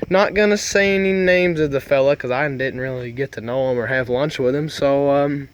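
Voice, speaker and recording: A man's voice: medium pitch, normal speed, slight background noise. A young man showing off his old pickup truck in a rambling, jokey way, full of folksy slang. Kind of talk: casual joking truck review.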